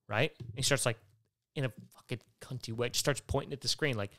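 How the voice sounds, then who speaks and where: A man's voice: medium pitch, steady tone, fairly quick, a bit bright. Profane, exasperated ranting man. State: worked up and tired by the end. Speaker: podcast host. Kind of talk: rambling comedic monologue.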